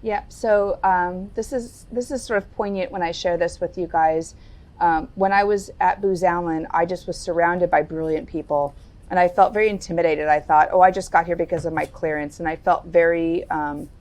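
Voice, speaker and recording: A middle-aged woman telling a personal story as a podcast guest, candid and deliberate. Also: darkish tone. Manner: candid, lowers her voice and speaks deliberately. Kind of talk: reflective interview storytelling.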